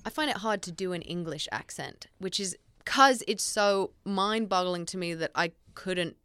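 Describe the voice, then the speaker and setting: A woman's voice: fairly low pitch, moderate pace, a crowd in the background. A young woman with an Australian accent, chatting as a guest in an interview, full of "like" fillers and restarts. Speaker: guest actress. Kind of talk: casual interview chat.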